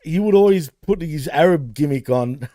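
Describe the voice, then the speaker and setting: A man's voice: fairly high pitch, animated, moderate pace, mellow, no echo. A man co-hosting a wrestling podcast, paying a rambling, heartfelt tribute to a late friend, full of fillers. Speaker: podcast co-host.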